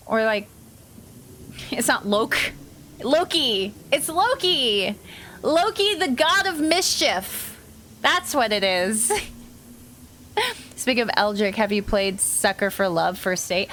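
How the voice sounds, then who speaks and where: A woman's voice: fairly high pitch, pushed and bright, slight background noise. An American woman chatting casually and giggling while streaming a game, with lots of "like" fillers. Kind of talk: casual live-stream chat.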